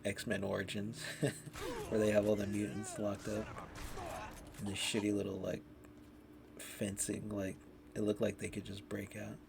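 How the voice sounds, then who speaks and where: A man with a low, gravelly voice rambles through a casual podcast review. He swears freely and leans on fillers. Steady background noise sits behind him. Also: measured pace, long pauses. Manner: rambling, profane, lots of fillers. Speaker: podcast host. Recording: noisy background.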